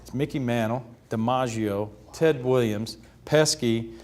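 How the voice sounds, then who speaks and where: Animated retired ballplayer telling stories. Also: male voice, mid-range voice, a little slow. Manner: animated, laughs through his stories. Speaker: interview guest, retired pitcher. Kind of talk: storytelling in a sit-down interview.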